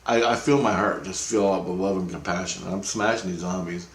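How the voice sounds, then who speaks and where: In an echoey room, a vlogger tells a rambling story about his dreams, frequently backing up to restart. His voice is low with a steady tone and a little fast, rising in pitch as he acts out what others said.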